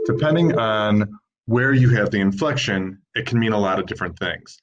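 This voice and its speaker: Steady, lower-voiced man presenting a workshop. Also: moderate pace, dull audio, a little hiss or hum. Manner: steady, explanatory, lists points one by one. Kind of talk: informal lecture read from slides.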